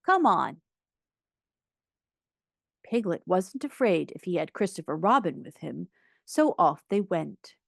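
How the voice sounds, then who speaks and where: Woman, children's audiobook reader, expressive, lively intonation, dry close sound. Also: on the low side, normal speed, creaky, no echo. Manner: expressive, storytelling.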